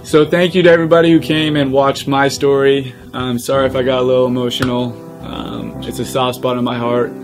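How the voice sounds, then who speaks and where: Soft guitar music plays behind a young man's emotional vlog to camera. A social media creator with a mid-range, fairly flat voice, he is earnest and choked up, close to tears, with lots of pauses and "um"s.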